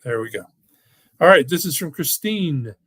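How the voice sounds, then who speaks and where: A man's voice: fairly high pitch, expressive, moderate pace, fairly bright tone, husky, no echo. A man who owns a financial firm, hosting a webinar with live questions in an enthusiastic, rambling, folksy way. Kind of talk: casual webinar talk with live Q&A. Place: home or office, online workshop.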